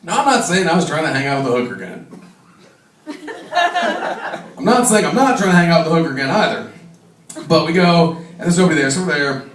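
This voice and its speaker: A man's voice: a little high, very animated, quick pace, fairly bright tone, a little hiss or hum. A young man doing his first stand-up comedy set in a bar, telling rambling stories and laughing at his own jokes. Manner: rambling storyteller, acts out friends' voices, laughs at own jokes. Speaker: stand-up comic. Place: small bar stage. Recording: echoey live room mic, from a distance. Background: crowd laughter.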